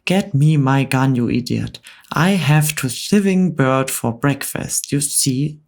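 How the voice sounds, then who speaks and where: A woman's voice: rumbling low, animated, takes it slowly, darkish tone, exaggerated voice. A woman voicing a pompous, hot-tempered older male duke in an ASMR whispered role-play, blustering and indignant. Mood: furious.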